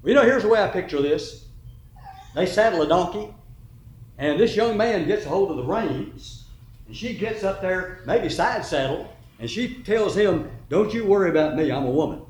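A man's voice: high voice, expressive, normal speed, echoey room. A man preaching, retelling a story dramatically with emphatic rises in his voice. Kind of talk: sermon storytelling.

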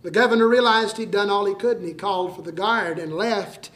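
A male preacher delivering a dramatic sermon, moving between urgent warnings and hushed storytelling. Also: high voice, a little fast. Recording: roomy echoing hall.

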